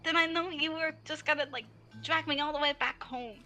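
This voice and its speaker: A woman playing a tabletop game, chatting in character with quick giggly reactions. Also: high-pitched, fairly even intonation, pushed and bright, soft background music. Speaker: player.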